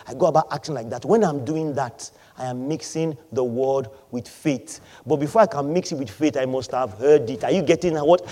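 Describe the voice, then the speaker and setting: A man preaching a sermon, asking the congregation questions and answering them, swinging between loud emphatic lines and quieter asides. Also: a little high. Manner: call-and-response questions to the congregation.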